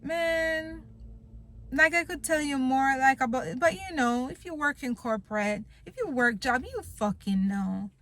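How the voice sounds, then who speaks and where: In an unhurried, high, slightly bright voice, a young woman tells the camera she wants to quit her job, venting bluntly with plenty of swearing and clear frustration.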